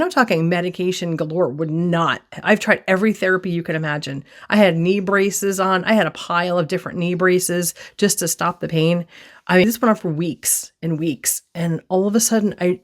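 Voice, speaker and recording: A woman telling a personal story on her vlog from her desk, expressive and acting out her own reactions. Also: lowish voice. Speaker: vlogger.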